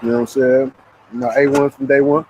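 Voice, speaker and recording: A man chatting casually with viewers while he eats, relaxed and joking. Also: mid-range voice, a little fast, a little hiss or hum, rough recording. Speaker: vlogger. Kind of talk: casual live-stream chat while eating.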